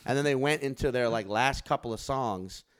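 A man in his forties telling stories in casual podcast chat, animated and profane, acting out quotes in loud bursts. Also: mid-range voice, normal speed, clean tone. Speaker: podcast co-host.

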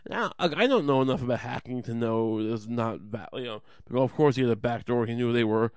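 A man's voice: medium pitch, quick pace, clean tone, no echo. A man delivering a heated, profane rant, often mocking others in sarcastic voices. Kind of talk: ranting monologue.

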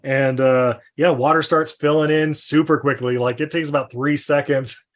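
A man hosting a podcast, retelling a movie scene in casual chat, rambling with lots of laughs and quick put-on character voices. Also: a little high, steady tone. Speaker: podcast host. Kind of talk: casual film recap chat.

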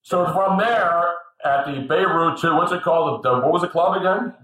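A man's voice: a little high, normal speed, fairly bright tone. A male talk show host reacting briefly and asking his guest follow-up questions. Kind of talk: casual chat. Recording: roomy studio sound.

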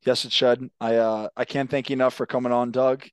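A man's voice: mid-range voice, flat delivery, brisk, clear, resonant tone, dry recording. A young man hosting a casual sports podcast, talking loosely, often repeating his words as he goes. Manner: laid-back, swears casually. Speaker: podcast host.

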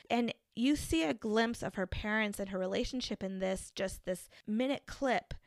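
A woman's voice: mid-range voice, moderate pace, hardly any pauses, no room sound, clean studio sound. A woman co-hosting a podcast, telling a true-crime case in a casual, conversational way with fillers and restarts. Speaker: podcast co-host.

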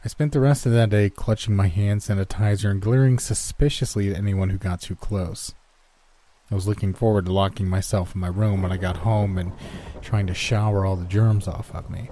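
Husky, dark-voiced male horror narrator. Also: fairly low pitch, fairly even intonation, fairly quick, no room sound.

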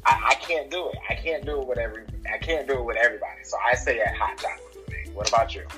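A man appearing as a guest on a podcast, answering in animated, drawn-out casual chat. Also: medium pitch, faint music behind, low-quality recording.

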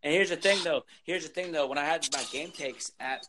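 Man, podcast host, animated storyteller, casual sports talk, noisy recording with clicks. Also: fairly high pitch, fairly quick. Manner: animated storyteller, acts out quoted exchanges.

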